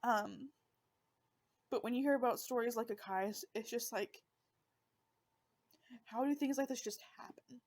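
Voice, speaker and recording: Woman, true-crime podcast host, casual delivery on the edge of tears, slightly high voice. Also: measured pace, pauses often, a little mellow. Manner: emotional, fighting back tears; conversational with fillers.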